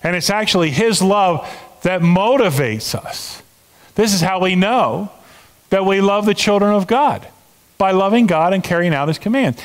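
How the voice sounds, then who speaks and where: A man's voice: animated, moderate pace. Older man preaching in a reverberant hall. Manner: conversational preaching with restarts and swings in pitch. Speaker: pastor. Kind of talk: sermon. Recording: long reverb of a large hall.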